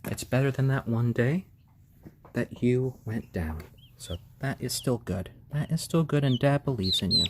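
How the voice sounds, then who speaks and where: A man hosting a casual live stream, gently soothing and hushing his baby chicks and thanking viewers. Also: medium pitch, expressive, a little slow, background noise. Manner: reads out viewer names and thanks them.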